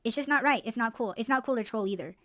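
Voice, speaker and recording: A woman's voice: on the high side, quick pace, a bit bright, dry recording, studio quality. A woman hosting a podcast, ranting bluntly and swearing freely in a casual, heated way. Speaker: podcast host.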